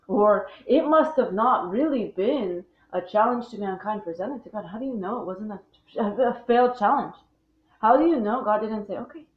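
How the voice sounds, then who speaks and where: Blunt, intense woman rambling on a phone-like line. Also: mid-range voice. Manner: intense, blunt and profane, with many restarts. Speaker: speaker on religion. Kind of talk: rambling spoken monologue. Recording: tinny phone-like sound in an echoey room.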